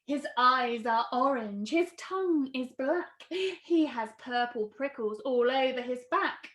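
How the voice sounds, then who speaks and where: A clever little storybook mouse with a boastful streak, put on by a woman reading aloud. He talks in a high, bouncing voice that swoops up and down. The sound comes through a plain computer microphone. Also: expressive, slow pace, a bit bright, heavily acted.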